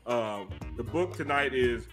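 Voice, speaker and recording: A man's voice: mid-range voice, expressive, a little slow, fairly bright tone, faint music behind. A man plays a laid-back male basketball star in a comic podcast impression. He drawls lazily, hums between phrases and keeps it playful.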